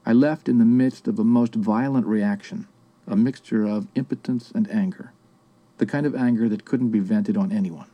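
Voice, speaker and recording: A man giving a measured, reflective first-person audiobook narration. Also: lowish voice, dark tone.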